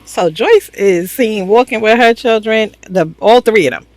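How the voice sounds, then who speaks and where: An expressive reviewer tells the story of a drama episode in casual, slangy terms. The delivery is blunt and animated, with the characters' lines acted out along the way. The sound is dry and close, with no room echo. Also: medium pitch, unhurried. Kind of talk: casual show recap.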